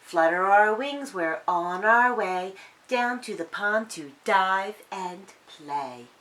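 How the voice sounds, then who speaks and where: A woman reading a children's story aloud in a sing-song, expressive way. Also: mid-range voice, takes it slowly.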